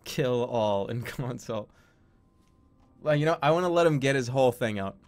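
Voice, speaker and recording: A man's voice: medium pitch, expressive, normal speed. A young adult man streaming a game in casual commentary, laughing often, exclaiming and swearing freely.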